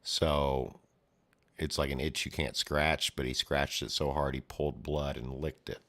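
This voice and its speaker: A low-voiced man chats casually as he pages through a comic, narrating the action in a loose, rambling way. He tosses in his own mouth sound effects and offhand asides as he goes. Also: flat delivery, measured pace, fairly bright tone. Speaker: comic reader and commentator. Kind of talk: casual read-along commentary.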